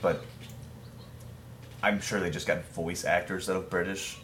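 Deep-voiced laid-back man. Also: little pitch movement, unhurried, fairly bright tone, a little hiss or hum. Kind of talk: casual chat.

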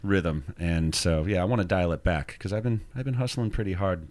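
A man who is a guest musician, talking in a relaxed, easygoing way in a casual chat. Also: low-pitched, brisk, no echo.

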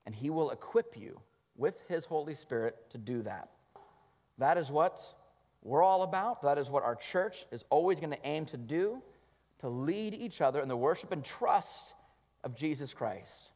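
A male pastor delivering an earnest sermon, moving between loud emphatic lines and soft, hushed passages. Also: on the high side, expressive, moderate pace. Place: church sanctuary. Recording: long reverb of a church hall.

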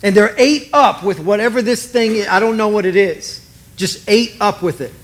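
A middle-aged man preaching a sermon, animated and conversational, acting out both sides of the dialogue he retells. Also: sits high, normal speed. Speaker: pastor.

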